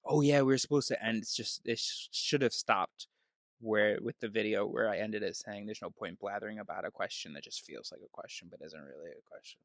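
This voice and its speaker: A man's voice: lowish voice, brisk, a bit bright, dry recording. Rambling, self-interrupting man, dry close sound. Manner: meandering, self-interrupting, laughs at himself. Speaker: video host. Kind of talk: rambling solo video talk.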